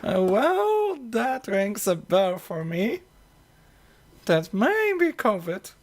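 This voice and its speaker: A woman hosting a casual electronics live stream, talking haltingly with many fillers and restarts, with a tickly cough. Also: mid-range voice, big pitch swings, a little mellow, slight background noise.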